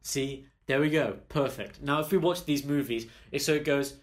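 A man's voice: mid-range voice, normal speed. A man co-hosting a casual podcast chat, playful and easily amused. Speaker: podcast co-host.

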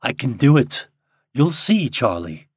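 A man's voice: mid-range voice, sing-song, a little slow, slightly rough, no echo, studio quality, voice pushed up, full character voice. A man doing a bold, commanding adventurer. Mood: determined. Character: tall bold male adventurer, fierce and determined.

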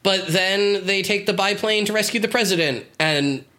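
Laughing often and swearing, a man co-hosting a podcast gives a wry, casual recap of a cartoon's plot. He has a high voice with a sharp tone and moderate pace.

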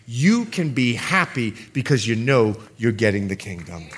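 A man's voice: medium pitch, moderate pace, few pauses, over music, crowd noise. A male pastor preaching a sermon at a church service, telling stories with humor. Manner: animated storytelling with humor.

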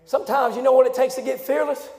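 A man from preaching with a drawl, his voice pushed unusually high and rough with gravel. He swings between hollering and near-whispers. The sound is an echoey church hall, with a faint congregation behind him. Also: steady tone, fast. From Louisiana, USA. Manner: fiery preaching, swinging from shouts to low hushed tones. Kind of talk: revival sermon. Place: church sanctuary.

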